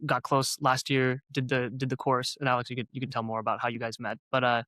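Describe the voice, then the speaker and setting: A mid-pitched man from North Dakota talks loosely as a podcast guest, with his sentences winding along. The recording is close and dry. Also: level tone, fast, sharp tone, dry recording. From North Dakota, USA. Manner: rambling, many fillers and restarts. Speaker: guest, co-founder and software engineer. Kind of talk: casual podcast conversation.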